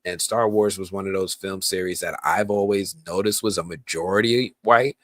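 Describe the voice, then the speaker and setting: A man's voice: deep voice, fairly even intonation, normal speed, no room sound. A man hosting a casual movie news podcast, talking loosely with lots of ums and restarts. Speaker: podcast host.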